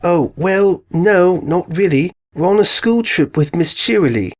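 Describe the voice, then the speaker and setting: A woman's voice: lowish voice, expressive, measured pace, voice pushed up. A woman voicing a young, shy male pony colt who talks nervously and apologetically. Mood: apologetic.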